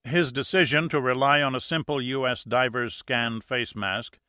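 A man giving steady, measured scripted narration of an adventure audiobook. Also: medium pitch, smooth, dry recording, clean studio sound.

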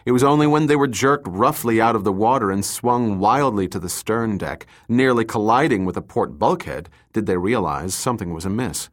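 Low-voiced male audiobook narrator. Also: moderate pace, few pauses. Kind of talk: scripted narration.

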